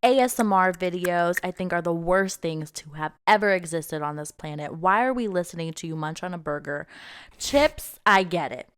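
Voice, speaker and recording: A woman's voice: on the low side, moderate pace, smooth. A young woman co-hosting a podcast, chatting casually, ranting in an exasperated way and laughing often. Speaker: podcast co-host. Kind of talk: casual chat.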